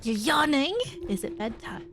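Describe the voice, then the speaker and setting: Streaming a video game, a woman with a high voice chats playfully at a moderate pace, exclaiming and laughing while she plays.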